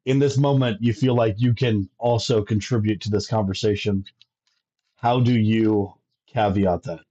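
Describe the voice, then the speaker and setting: A man's voice: lowish voice, steady tone, moderate pace, warm tone, husky. A man narrating a live-streamed tabletop game as game master, joking, laughing and stumbling over his words. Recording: dull lo-fi stream audio.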